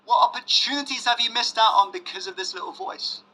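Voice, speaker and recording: A man giving a motivational self-help masterclass, pressing the audience with questions and dropping to hushed emphasis. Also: extremely high pitch, fairly quick, rough recording. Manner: emphatic, asks audience to say yes, swings loud and hushed. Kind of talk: motivational webinar talk.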